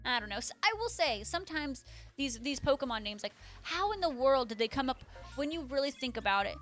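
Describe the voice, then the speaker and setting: A woman's voice: sits high, expressive, fairly quick, a bit bright, faint music behind. A woman hosting a live stream, chatting casually with viewers, laughing often and answering them by name. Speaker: livestream host.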